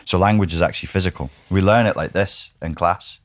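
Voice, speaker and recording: A middle-aged man hosting a podcast in casual conversation, lively and playful, slipping into imitated foreign phrases. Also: deep voice, a little fast, no room sound, clean studio sound. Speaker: podcast host.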